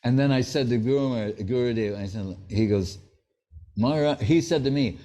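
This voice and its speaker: Brisk and mellow, this mid-range male voice belongs to a spiritual teacher giving an anecdotal sermon. His delivery is storytelling, with the quoted dialogue of the stories' characters acted out.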